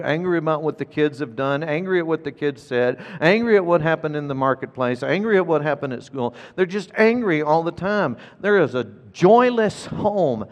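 Brief: middle-aged man, pastor, earnest emphatic sermon, slightly high voice, long reverb. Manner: earnest, emphatic, repeats key points. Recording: long reverb of a large hall.

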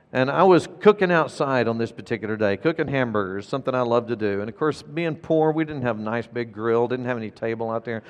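A man's voice: mid-range voice, dull audio. A middle-aged man, a pastor preaching a sermon in an earnest, emphatic way, repeating his key points. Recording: long reverb of a large hall.

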